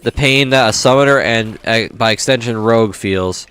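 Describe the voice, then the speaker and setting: A man's voice: mid-range voice, normal speed, a bit bright, smooth. A young man casually commenting while playing a video game, swearing often and grumbling at the game. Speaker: gaming YouTuber. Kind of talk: casual let's-play commentary.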